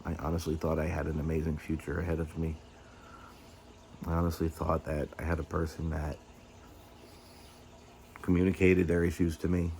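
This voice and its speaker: A man's voice: rumbling low, little pitch movement, moderate pace, creaky, long pauses, a little mellow, slight background noise. A middle-aged man hosting his own vlog, venting candidly and agitated, swearing and stumbling over fillers. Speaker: YouTube host. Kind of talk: candid personal vlog rant.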